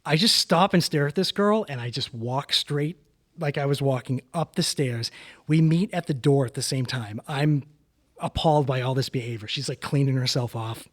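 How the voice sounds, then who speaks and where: A man co-hosting a podcast, telling a story in a casual, rambling way and swearing freely. He jumps up in pitch to act out other people's lines. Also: normal speed. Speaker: podcast co-host.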